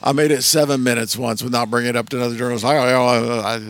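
A man's voice: medium pitch, fairly even intonation, fast talker, a bit bright. A man with a Southern American accent telling stories in conversation, often restarting sentences and acting out quoted voices. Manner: anecdotal, acts out quoted voices, frequent restarts. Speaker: guest. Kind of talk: storytelling conversation.

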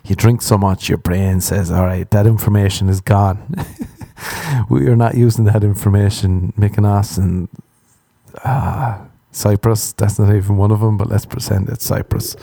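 Irish man, low-ish mellow voice, dry close sound, rambling comic podcast monologue, swears a lot. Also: steady tone, moderate pace, creaky, no room sound. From Ireland. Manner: rambling, profane, laughs at his own jokes. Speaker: podcast host.

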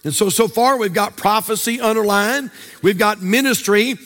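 A man's voice: high-pitched, moderate pace, fairly bright tone. A male pastor preaching a sermon in a church, with a sing-song cadence and repeated phrases. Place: church sanctuary.

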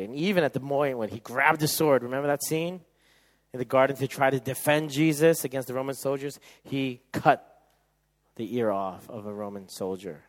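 A man's voice: mid-range voice, rough recording. Man preaching with dramatic swings. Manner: dynamic, swings from loud emphatic to soft hushed. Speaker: pastor. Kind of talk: sermon.

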